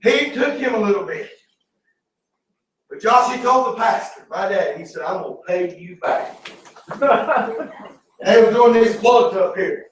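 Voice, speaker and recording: Southern pastor in his 30s telling funny stories from the pulpit, high voice, big echoey church. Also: measured pace, pauses often, distant mic. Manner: folksy, animated, shouting bursts. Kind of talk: sermon with humorous storytelling. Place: large church sanctuary. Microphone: distant from the mic.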